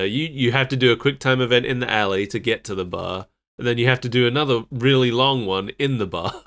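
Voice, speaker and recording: A man's voice: on the low side, fairly bright tone. A man co-hosting a casual podcast chat, laughing often as he rattles off cast trivia. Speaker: podcast co-host.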